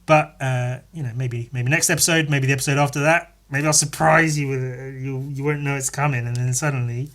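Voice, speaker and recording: A man's voice: mid-range voice, fairly even intonation, a little fast, hardly any pauses, a bit bright. An English man hosting a solo podcast, rambling in a sweary, sarcastic way with lots of asides. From England. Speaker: podcast host.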